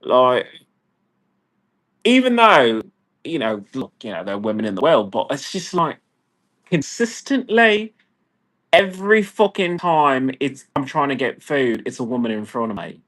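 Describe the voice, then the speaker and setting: A man's voice: mid-range voice, big pitch swings, measured pace, fairly bright tone. A man in an agitated, profane, rambling personal rant, talking to camera. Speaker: vlogger. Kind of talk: ranting personal monologue.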